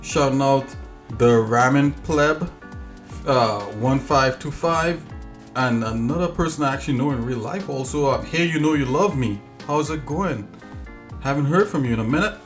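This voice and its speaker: A man's voice: medium pitch, moderate pace, faint music behind. A man hosting a casual livestream as a game developer, talking in an easygoing, rambling way with lots of fillers.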